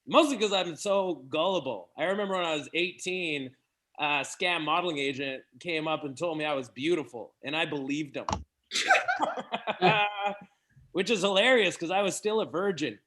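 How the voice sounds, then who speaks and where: A young man from Canada doing a stand-up set at an online open mic, animated and laughing at his own jokes. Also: on the high side, normal speed. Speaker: stand-up comedian.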